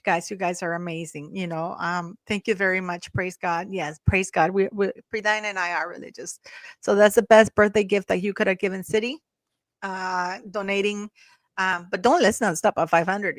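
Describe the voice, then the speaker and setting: A woman's voice: medium pitch, a bit bright, no echo. A woman hosting a casual livestream, rambling and chatty with many restarts, thanking donors effusively. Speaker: livestream host.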